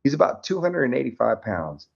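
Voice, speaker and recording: A man guest telling a personal story candidly in an interview, lively and laughing often, acting out the dialogue. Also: medium pitch, brisk, vocal fry. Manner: animated, laughs often, acts out quoted dialogue. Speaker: podcast guest, army veteran. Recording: slightly dull lo-fi audio.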